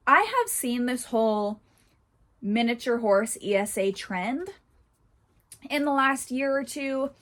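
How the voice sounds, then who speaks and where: Reading online posts aloud for her horse channel, this woman chats about them and frequently bursts out laughing. She speaks on the high side.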